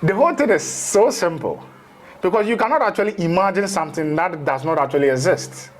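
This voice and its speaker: A man's voice: sits high, lively intonation, a little fast. A man, a spiritual teacher in a casual interview, rambling through explanations and slipping into local phrases.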